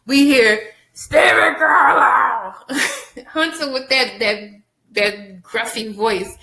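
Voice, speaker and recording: A woman recapping a TV episode for her viewers, chatty and animated, addressing them directly and laughing often. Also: high voice, echoey room, rough recording. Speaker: TV show reviewer.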